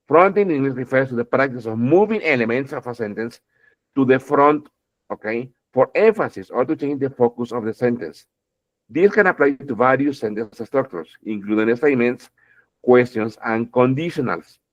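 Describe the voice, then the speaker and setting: Male English teacher, animated pitch, keeps asking "okay?", dull video-call sound. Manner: keeps checking in with "okay?", repeats words, addresses students fondly. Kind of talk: online English grammar lesson.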